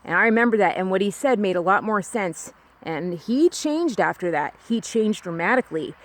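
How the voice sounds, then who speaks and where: A woman's voice: medium pitch, animated, moderate pace. A young woman from California telling a personal story alone, rambling and confiding, with many restarts and fillers. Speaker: podcast host.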